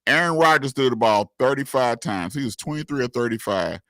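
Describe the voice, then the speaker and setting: A man co-hosting a sports talk radio show, talking in a lively, animated way, with lots of repeats and loose slang. His voice is bright and forceful. It sounds dry and close to the mic. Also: mid-range voice, fairly quick, dry recording. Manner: animated, laughing, repeats words, southern US slang.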